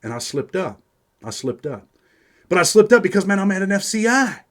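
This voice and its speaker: A man's voice: high-pitched, sing-song, a little fast. Streetwise New man telling stories. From New York. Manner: streetwise, profane, peppers speech with "man". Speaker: host. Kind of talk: casual first-person storytelling.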